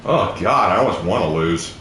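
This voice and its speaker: Man, game streamer, joking banter, swears, animated pitch, echoey room. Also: moderate pace. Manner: joking, teasing, swears freely. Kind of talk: casual gaming banter. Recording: echoey room, faint noise.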